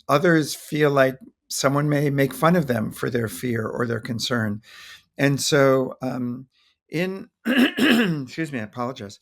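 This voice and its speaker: An older man, a pediatrician guest on a podcast, speaking thoughtfully and sometimes acting out how to soothe a child. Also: medium pitch. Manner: thoughtful, acts out soothing toddler talk. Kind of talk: podcast interview.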